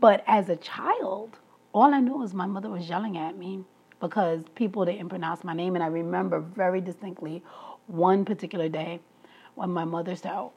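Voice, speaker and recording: A woman's voice: on the low side, moderate pace, darkish tone, slightly rough, muffled recording. A woman talking through a personal story in an emphatic monologue, laughing between her points. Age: adult, past school age.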